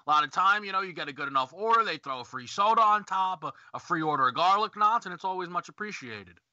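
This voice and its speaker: A man co-hosting a show in casual chat, relaxed and chuckling as he reacts. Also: sits high, fast, no room sound. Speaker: co-host. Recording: dry, dull lo-fi audio.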